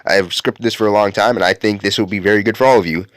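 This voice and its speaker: A man's voice: lowish voice, fairly even intonation, fast talker, no room sound, studio quality. A man hosting a YouTube channel and narrating a fan-made anime what-if story in a casual, rambling way. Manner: casual, rambling, with fillers and restarts. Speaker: YouTube host.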